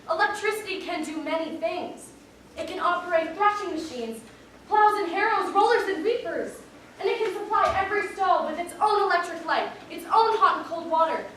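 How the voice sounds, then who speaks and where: Teen girl doing a high earnest pig giving speeches, school play, echoey hall from far off. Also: bright, forceful tone, slight background noise. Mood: rousing. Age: teens. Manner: eager, persuasive speechmaking. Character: idealistic young pig leader Snowball, earnest visionary.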